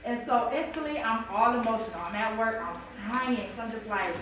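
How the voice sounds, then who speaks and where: A mother sharing a personal story at a church bible study, animated and emotional, acting out what people said. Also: fairly high pitch, moderate pace, few pauses. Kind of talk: personal testimony in a group discussion. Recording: echoey room from far off, noisy.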